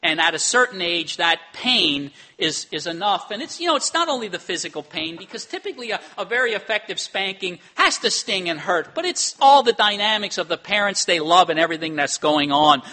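Bright high-voiced male preacher. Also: big pitch swings, fairly quick, hardly any pauses. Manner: conversational preaching with rhetorical tag questions. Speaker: pastor. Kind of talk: sermon.

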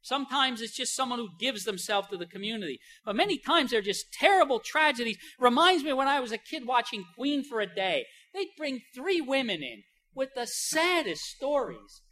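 Bright-voiced older woman preaching. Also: on the high side, expressive. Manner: emphatic, slows right down on key phrases; swings between soft asides and loud stresses. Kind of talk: sermon.

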